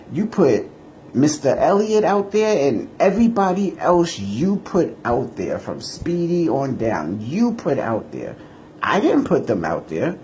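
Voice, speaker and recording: Man with a mellow, husky-edged gravel, pitch swinging widely; combative rant straight to camera. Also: very animated, unhurried, a little hiss or hum. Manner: combative and indignant, repeating himself. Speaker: martial arts teacher answering a rival. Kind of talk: ranting monologue video.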